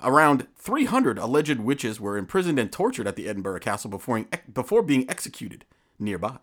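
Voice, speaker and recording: A man's voice: medium pitch, sing-song, a little fast. A man co-hosting a casual podcast, telling stories in a jokey way and reading from notes. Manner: jokey storytelling, reads from notes. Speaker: podcast co-host.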